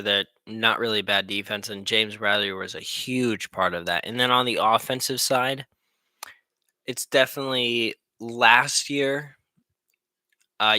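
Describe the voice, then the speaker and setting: Young guy rambling thru a football stream, jokey, bright voice, dry close sound. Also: lowish voice, dry recording. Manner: rambling, joking, laughs often. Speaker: streamer commenting on a football game. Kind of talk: casual live-stream commentary.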